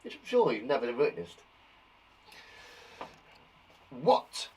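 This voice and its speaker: An English primary school teacher gives young children a spelling lesson, reading out words in a jokey, encouraging way. His voice is medium-pitched and very animated, and he keeps a measured pace.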